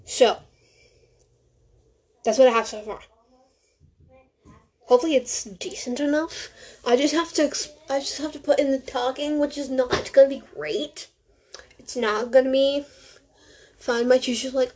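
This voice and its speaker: A woman's voice: high-pitched, unhurried, long pauses, a little mellow. A teenage girl hosting a casual solo podcast from home, rambling, correcting herself and making sarcastic asides. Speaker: podcast host.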